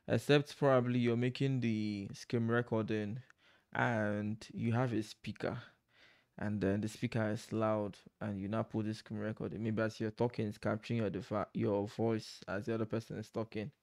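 A man's voice: fairly low pitch, little pitch movement, normal speed, a little mellow. A man chatting casually to camera from home at night, rambling and breaking off to laugh at himself. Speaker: vlogger. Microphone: desk microphone.

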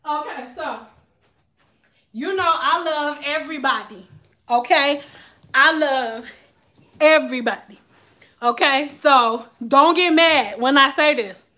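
A woman vlogger telling a story to her viewers in a candid, animated, profane way. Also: high-pitched, takes it slowly, long pauses. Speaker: vlogger and hair stylist. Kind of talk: casual storytelling to camera.

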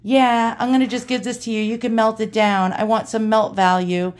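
A woman's voice: a little high, flat delivery, moderate pace, lightly acted. Woman doing a brash pawn shop seller. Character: pushy bargain hunter selling silver at a pawn shop.

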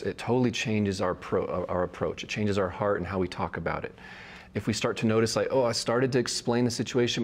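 Man with a lowish voice, bible teacher, conversational, frank, practical. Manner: relaxed, frank, practical advice. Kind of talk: conversational teaching, answering viewer questions.

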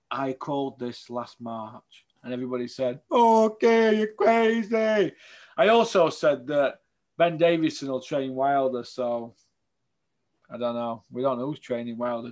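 A man hosting a casual boxing chat, tired after a long day, rambling with tag questions. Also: medium pitch. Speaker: host.

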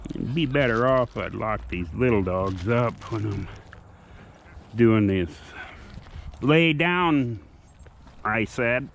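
Slow-talking plainspoken man outdoors. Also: medium pitch, animated, gravelly, a little hiss or hum. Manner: plainspoken, unhurried, folksy. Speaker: dog owner and trainer. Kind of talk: casual vlog chat. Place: outdoors with dogs.

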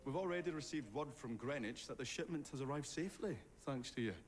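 An actor playing a courteous Victorian inventor in a game cutscene, speaking in a formal, measured way. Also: male voice, mid-range voice, a little hiss or hum, close to an everyday voice. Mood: gracious. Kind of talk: video game cutscene dialogue. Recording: game cutscene with loud score.

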